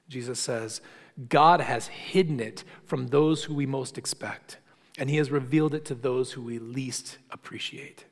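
A male preacher delivers a sermon in a slightly high voice. He speaks emphatically, stacking repeated phrases to drive his points home. His voice rings out with a long reverb, as if in a large church hall.

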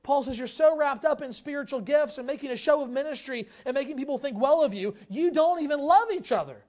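With a high voice and a fairly quick pace, a pastor delivers a sermon to a congregation. He keeps it conversational with offhand asides, reads passages of scripture, and climbs toward shouted exhortation.

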